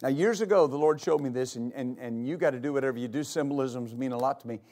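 A man's voice: medium pitch, quick pace, darkish tone. A man preaching a sermon to a congregation as pastor, emphatic, repeating key phrases for weight. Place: church service before a congregation.

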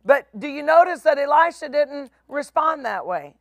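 A middle-aged woman pastor preaching a sermon, with emphatic, drawn-out phrases and voices for the people in her stories. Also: high-pitched, lively intonation, dry recording, studio quality.

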